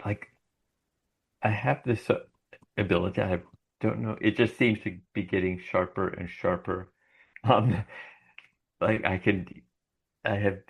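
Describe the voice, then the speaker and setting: A man talking as a guest in a casual conversation, halting and searching for his words. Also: on the low side, vocal fry, slightly rough, dull audio.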